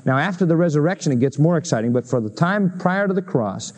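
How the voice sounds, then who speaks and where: A man's voice: lively intonation, fast talker, darkish tone. A man preaching a sermon, earnestly explaining a Bible passage and rising to emphatic, lifted phrases on key points. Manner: earnest, swings to high emphatic pitch on key lines.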